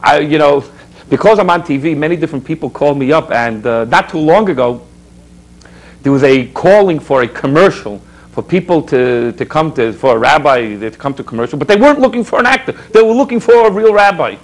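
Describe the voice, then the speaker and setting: A man's voice: a little high, lively intonation, brisk, poor audio. A man, a rabbi hosting a public access TV show, preaching with rhetorical questions and telling stories to his viewers. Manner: exhorting, rhetorical questions, storytelling asides. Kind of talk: animated preaching talk with anecdotes.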